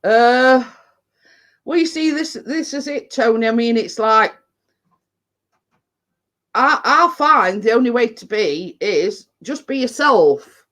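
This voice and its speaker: A woman's voice: a little high, expressive, takes it slowly, long pauses, fairly bright tone. A woman with an English accent chatting on a live stream as a baking vlogger, blunt and rambling, full of fillers and "you know what I mean". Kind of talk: casual live-stream chat.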